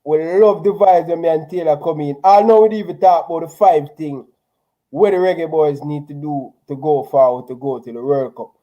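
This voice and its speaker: A laid-back man hosting a casual livestream, handing out shout-outs to his viewers. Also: on the high side, normal speed, dull audio. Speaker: channel host.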